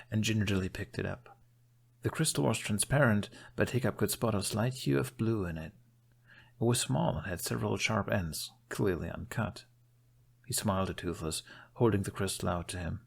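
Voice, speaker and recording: A man narrating a fan fiction audiobook in a steady, measured storytelling manner. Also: fairly low pitch, creaky, husky.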